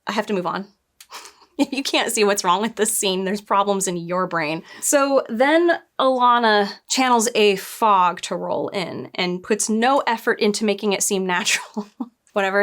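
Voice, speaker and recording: A woman with a medium-pitched, slightly bright voice casually reviews a TV episode against the books. She sounds exasperated and sarcastic, often mocking the characters by quoting them in put-on voices.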